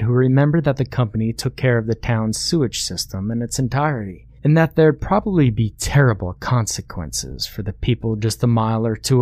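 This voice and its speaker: A man reading a horror story aloud in a measured, matter-of-fact narration. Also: mid-range voice, darkish tone, dry recording, clean studio sound.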